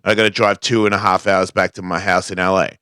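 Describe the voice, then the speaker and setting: Bright, lively storytelling man. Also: sits low, quick pace, smooth, dry recording, studio quality. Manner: animated storyteller, acts out quoted voices. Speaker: guest skateboarder. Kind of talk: casual storytelling.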